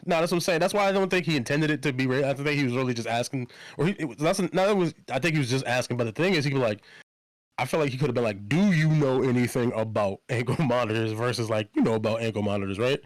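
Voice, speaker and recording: A young man co-hosting a podcast in casual chat, telling a story in a laid-back way with laughs and soft trailing endings. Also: medium pitch, very fast, no room sound. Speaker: podcast co-host.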